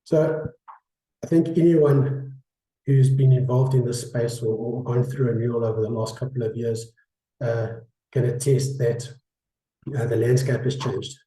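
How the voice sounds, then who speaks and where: A man, croaky with flu, presents to a webinar over a video call. His voice is very dark and mellow, with a roomy echo around it. He pauses often and restarts his sentences. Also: medium pitch, steady tone. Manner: hesitant, many fillers and restarts. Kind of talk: online business presentation.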